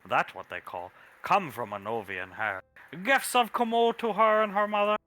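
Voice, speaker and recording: A man's voice: sits high, normal speed, pushed and bright, no room sound, soft background music, voice pushed up. A man voicing a brutish, dim-witted male creature who speaks in broken grammar. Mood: gruff. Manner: caveman-style broken grammar, gruff.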